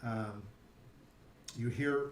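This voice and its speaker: A man's voice: medium pitch, drawn-out words. A man narrating as dungeon master of a tabletop game, often stopping to search for words and restarting his sentences. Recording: echoey room with faint noise.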